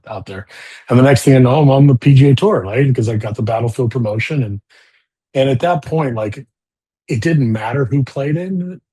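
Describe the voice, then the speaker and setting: A man in an interview telling animated stories about his golf career, with lots of fillers. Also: medium pitch, husky. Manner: animated storytelling with many fillers. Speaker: golfer guest. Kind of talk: storytelling interview talk.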